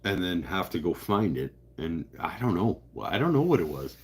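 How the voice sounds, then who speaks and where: A live stream host with a low, breathy-edged voice and big pitch swings chats at a normal pace. Joking as he goes, he wanders through viewer comments and keeps interrupting himself.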